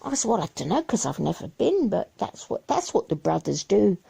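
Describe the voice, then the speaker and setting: A woman's voice: medium pitch, very animated, brisk, creaky, dark tone, husky. A woman giving a rambling, worried confessional monologue about her family, repeating herself and restarting her sentences. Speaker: mother sharing her troubles.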